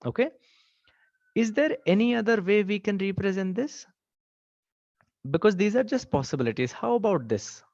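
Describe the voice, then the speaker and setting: A man teaches a live online class. His voice sits a little high and swings up and down. The sound is dry and slightly dull, like a webcast mic. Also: animated, moderate pace, pauses often, a little mellow, no echo. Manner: asks the class frequent questions, repeats "okay" and "right". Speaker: online exam-prep teacher.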